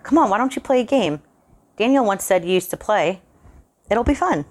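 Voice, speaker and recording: A woman's voice: mid-range voice, lively intonation, moderate pace, voice pushed up, lightly acted. A woman reading the part of a polite, nervous young man who is a friend of the son, earnest and eager to please. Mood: friendly. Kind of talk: audiobook character voice.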